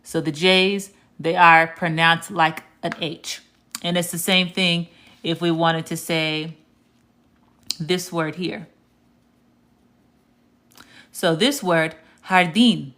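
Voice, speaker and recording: A woman teaches Spanish on a live stream in a fairly low voice. She is patient and clear and says each example word slowly, more than once. Now and then she stops to read out a viewer's comment and answer it. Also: fairly bright tone. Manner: reads viewer comments aloud and answers them. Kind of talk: live-stream language lesson.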